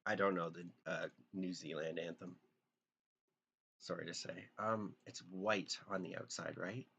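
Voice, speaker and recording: A man's voice: sits low, steady tone, unhurried, vocal fry, bright, forceful tone, dull audio, slight background noise. A young man chatting casually on a live drawing stream, rambling and joking, trailing off into half-remembered song lines.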